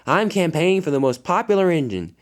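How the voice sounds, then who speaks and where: A man puts on a high, lively voice for a boastful young tank engine who talks in fits and starts, packed with ums and uhs. It sounds like a homemade toy-train storybook. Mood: eager. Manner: halting, full of filler words.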